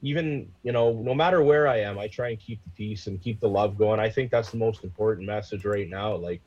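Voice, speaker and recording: A man from Canada with a low, husky voice, chatting earnestly and casually as a talk show guest. His audio comes through dull and lo-fi, like a remote call. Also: brisk, darkish tone. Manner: earnest, casual, says "like" often.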